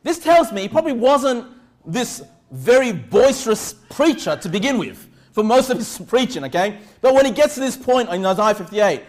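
A man preaching a sermon as pastor, moving from calm teaching to loud shouted emphasis and often checking in with "all right?". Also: extremely high pitch, normal speed. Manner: repeats "all right?" and "okay?" to the congregation.

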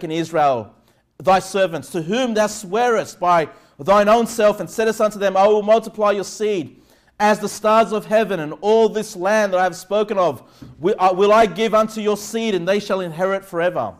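A man preaching a conversational sermon, moving between casual asides and loud, emphatic passages of prayer and scripture. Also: high-pitched, moderate pace. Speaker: pastor.

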